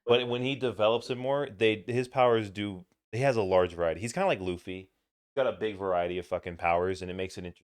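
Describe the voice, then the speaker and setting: A man's voice: fairly low pitch, quick pace. A young man co-hosting a podcast in casual chat, laid-back, swearing casually and laughing often. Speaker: podcast co-host.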